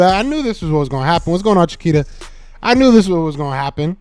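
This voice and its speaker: A fairly high-pitched podcast host races through a sports talk live stream, his tone clean with no echo. Animated, he talks back to his chat, repeating teasing jabs multiple times.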